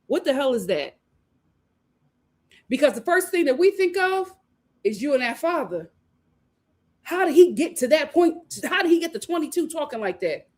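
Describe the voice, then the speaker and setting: A woman hosting a casual livestream, reading viewer comments aloud, animated and laughing often as she talks. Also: sits high. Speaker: host of a reality TV review livestream.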